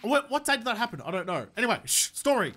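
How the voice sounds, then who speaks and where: An Australian man commentating his gameplay, excitable, joking and swearing a lot. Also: very high voice, fast talker, faint music behind. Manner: excitable, profane, jokey. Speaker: gaming YouTuber. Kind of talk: let's play commentary.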